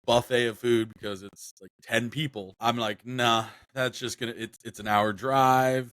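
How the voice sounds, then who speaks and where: A man's voice: medium pitch, steady tone, moderate pace, a bit bright, dry recording. Rambling young man on a dry mic. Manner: rambling, many fillers and restarts. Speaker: podcast co-host. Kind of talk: casual podcast chat.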